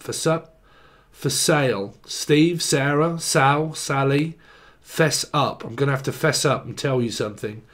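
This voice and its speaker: A man's voice: medium pitch, fairly bright tone. A man giving a rambling, jokey solo tarot reading, free-associating and trying out silly voices. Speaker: tarot reader.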